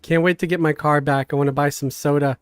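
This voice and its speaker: A man chatting casually on a game live stream, halting and full of restarts, coughing now and then. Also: fairly high pitch, smooth, no room sound. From Queens, New York. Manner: halting, many fillers and restarts, animated. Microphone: desk mic, sometimes knocked.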